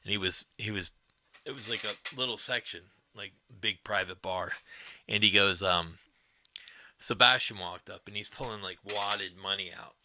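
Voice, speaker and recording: A man's voice: on the low side, moderate pace, noisy background. A man hosting a livestream, telling casual rambling stories to his viewers, chuckling often and swearing freely. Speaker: livestream host.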